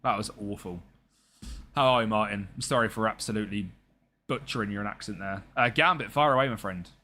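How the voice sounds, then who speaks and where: A man's voice: on the low side, brisk, sharp tone. A young man streaming a football management game, chatting casually and jokily with his viewers as he plays. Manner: chatty and jokey, talks to chat and game players.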